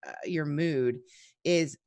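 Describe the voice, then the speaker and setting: A woman's voice: deep voice, slow, no echo. A woman, a psychology instructor chatting casually and acting out little stories as she tells them. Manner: animated storyteller, acts out quotes. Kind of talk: casual chat.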